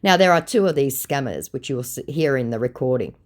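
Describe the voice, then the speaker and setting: A woman's voice: rumbling low, animated, fast talker. A woman telling a comic story about baiting a scammer in a sardonic, mocking way. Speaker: scam baiter. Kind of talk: comedic retelling of a chat log.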